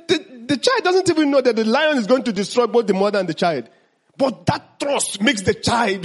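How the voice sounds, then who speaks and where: Husky, lively man teaching a group. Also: very high-pitched. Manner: asks the audience questions and answers them himself. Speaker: mindfulness teacher. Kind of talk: teaching talk to an audience.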